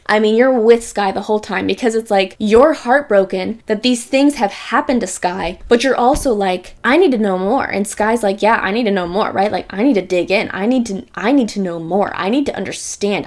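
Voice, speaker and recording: A young woman casually reviewing a book she loved, chatty and animated, often asking "right?". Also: fairly high pitch.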